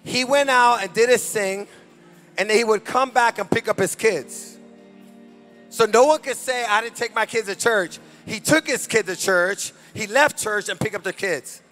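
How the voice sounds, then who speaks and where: A man preaching a fervent deliverance sermon as pastor at a church service, shouting commands. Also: sits high, moderate pace, faint music behind.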